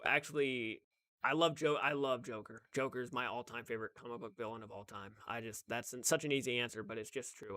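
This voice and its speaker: A young man hosts a casual live stream, talking loosely and greeting viewers by name. His voice sits a little high and sounds bright and forceful. He often restarts his sentences mid-thought.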